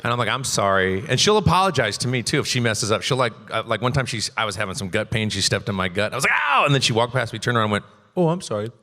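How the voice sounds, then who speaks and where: A man's voice: lowish voice, animated, racing, hardly any pauses, sharp tone, in a large hall. A man who voice-acts, rambling animatedly through stories on a convention panel stage. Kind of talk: casual panel talk.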